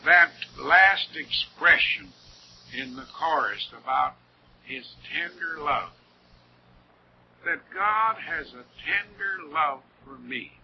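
A man's voice: on the high side, slow pace, breathy edge. A man preaching a sermon in an earnest, heartfelt way, with rising emphasis on key words. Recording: dull lo-fi old recording with faint noise.

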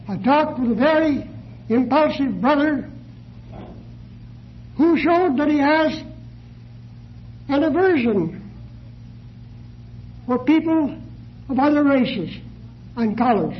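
A man with a very high voice delivers a sermon at an unhurried, deliberate pace, posing questions to his listeners. The sound is dull and lo-fi, with faint hiss underneath, like an old tape recording. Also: lively intonation. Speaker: preacher.

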